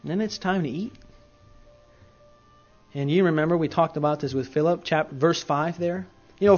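A man preaching a sermon in a conversational storytelling way, swinging between loud and soft. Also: a little high, normal speed, pauses often, dull audio, faint music behind.

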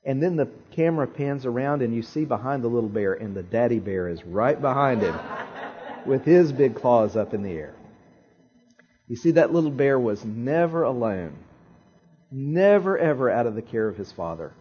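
A man preaching a sermon, telling a story in an animated way with dramatic pauses and repeated phrases. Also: medium pitch, highs cut off. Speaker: pastor.

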